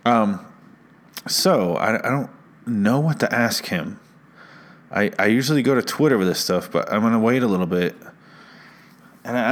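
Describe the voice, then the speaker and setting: Rambling, sarcastic man hosting a podcast. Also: mid-range voice. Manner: rambling, sarcastic, self-mocking. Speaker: podcast host. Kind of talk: comedic podcast monologue. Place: podcast studio. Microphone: studio mic with headphones.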